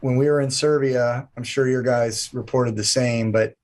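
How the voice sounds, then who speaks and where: A man's voice: mid-range voice, steady tone, moderate pace, darkish tone. A man guesting on an interview, talking with enthusiasm in long run-on sentences. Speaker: event promoter guest. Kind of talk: casual interview chat.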